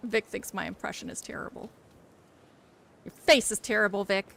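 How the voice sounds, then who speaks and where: A woman's voice: medium pitch, moderate pace, creaky, a bit bright, slight background noise. A woman streamer chatting casually while she plays, teasing her friend and swearing freely. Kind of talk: casual live-stream chat while gaming.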